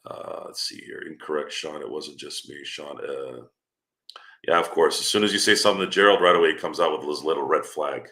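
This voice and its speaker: A man's voice: a bass voice, a little fast, pushed and bright. A man hosting a casual sports stream, rambling and teasing the people in his chat. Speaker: podcast host.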